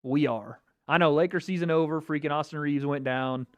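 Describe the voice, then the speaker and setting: A man's voice: fairly high pitch, fairly even intonation, fairly quick, dry recording. A man hosting a casual livestream watch party, chatting and reacting to viewer comments. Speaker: livestream host.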